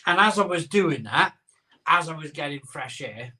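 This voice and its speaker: A man's voice: a little high, lively intonation, moderate pace, bright, forceful tone, distant mic. A man hosting a live beer-drinking show, telling a rambling story in casual chat and repeating his phrases as he goes.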